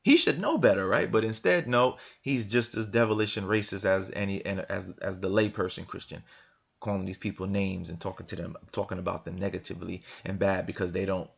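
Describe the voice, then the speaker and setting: A man's voice: low-pitched, fairly even intonation, brisk, creaky, breathy edge. A man reading passages from a book aloud and commenting on them, hammering his points with repeated rhetorical questions. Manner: argumentative, many restarts. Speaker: religious commentator.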